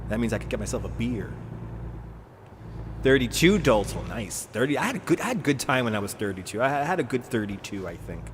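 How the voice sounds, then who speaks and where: A man's voice: medium pitch, big pitch swings, a little fast, slight background noise. A man in his forties chatting casually on a live stream while he drives in a truck simulator, laughing often and answering his chat. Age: 40s. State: drinking beer while streaming.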